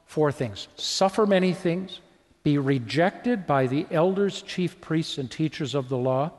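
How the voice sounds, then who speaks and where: A male preacher retelling a story in a sermon, vivid and full of rhetorical questions. His voice sits fairly high for a man. Long reverb from a large hall trails each phrase.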